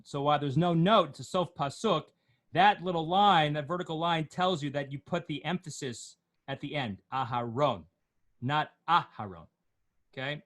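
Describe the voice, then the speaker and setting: A middle-aged man teaching Torah reading over a video call, chanting cantillation note names slowly and breaking off into quick spoken explanations. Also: a little high, a bit bright. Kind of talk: online class, chanting cantillation notes.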